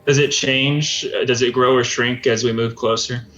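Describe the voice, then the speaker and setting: A man's voice: mid-range voice, steady tone, moderate pace, a bit bright, soft background music. A man playing a tabletop game, cautiously asking questions about the scene. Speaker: player. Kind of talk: casual tabletop play. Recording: dull, slightly muffled sound with faint noise.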